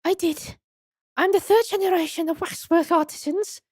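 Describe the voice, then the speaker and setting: A woman's voice: very high-pitched, normal speed, darkish tone, dry recording, clean studio sound, pitched above the performer's own voice. A woman reading a theatrical female waxwork museum owner from a game in a put-on French accent, grand and mannered. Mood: haughty. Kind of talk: reading game dialogue aloud.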